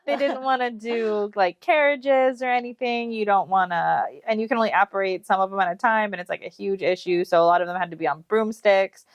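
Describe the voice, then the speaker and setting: A woman's voice: medium pitch, brisk, few pauses, no room sound, dull audio. A woman co-hosting a podcast, chatting casually about a book and backing up her co-host with frequent agreement. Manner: chatty, agreeing with many small mm-hmms. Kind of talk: casual book recap chat.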